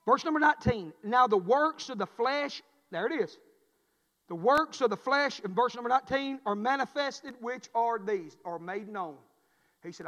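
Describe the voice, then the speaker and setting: A man preaching a passionate sermon as pastor, swinging between shouts and low, intense passages. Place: church sanctuary. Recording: long hall reverb.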